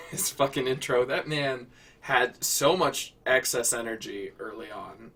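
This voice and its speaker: A man's voice: mid-range voice, a little fast, sharp tone, far from the mic. A man hosting a casual prompt show, rambling and correcting himself as he talks, with frequent swearing. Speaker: host. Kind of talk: casual improv prompt chat.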